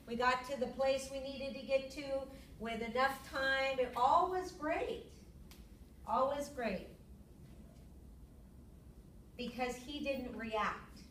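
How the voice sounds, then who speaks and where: A middle-aged woman gives a classroom lecture. Her voice sits fairly high and comes from some way off the mic in a roomy, echoey space. A faint room hum runs underneath. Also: a little slow, long pauses, far from the mic. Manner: lively storyteller, acts out her own yelling in a high voice. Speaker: yoga teacher.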